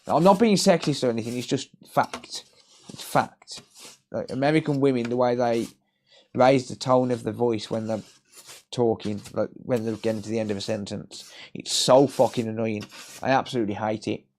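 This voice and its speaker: A man's voice: medium pitch, normal speed, darkish tone, slight background noise. A man chatting casually on a live repair stream, blunt and sweary, joking and ranting as he works. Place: repair workbench.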